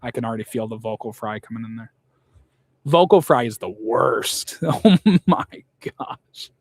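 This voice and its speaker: A man's voice: mid-range voice, unhurried, vocal fry, no room sound. A young man in casual chat, blunt and rambling, swearing often.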